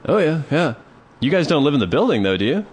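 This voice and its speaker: A man's voice: fairly high pitch, sing-song, fast, breathy edge, pitched above the performer's own voice. A man voicing a drunk, bearded homeless man who stammers and dodges questions in a comic story. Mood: evasive. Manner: hesitant, stammering, trailing off.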